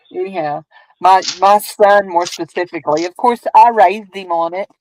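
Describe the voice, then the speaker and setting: A woman's voice: fairly low pitch, a little slow, a little mellow, slight background noise, rough recording. A woman with a Southern US accent who hosts a crafting stream, chatting casually in a rambling, folksy way and laughing often. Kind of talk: casual chat while crafting.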